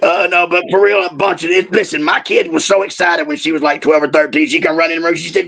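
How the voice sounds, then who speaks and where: Gravelly, profane man. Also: fairly high pitch, fairly even intonation, a little fast, pushed and bright. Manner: profane, rowdy storyteller. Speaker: wrestling guest. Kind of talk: casual storytelling chat.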